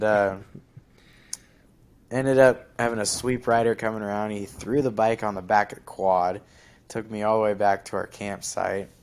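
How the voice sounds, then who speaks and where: A man's voice: deep voice, clear, resonant tone. A young man hosting a podcast, telling a long story in a rambling casual way full of fillers. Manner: rambling, lots of fillers and likes. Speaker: podcast host.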